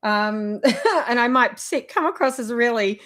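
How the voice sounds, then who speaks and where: A woman's voice: on the high side, animated, unhurried, fairly bright tone. A woman giving casual motivational advice in a vlog, rambling and chatty, with frequent laughs. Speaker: wellness vlogger.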